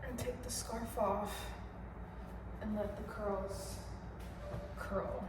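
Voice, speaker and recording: A woman's voice: mid-range voice, steady tone, extremely slow, echoey room, very noisy. A young pregnant woman chatting casually while she cooks in her home kitchen, rambling and laughing often. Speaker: vlogger.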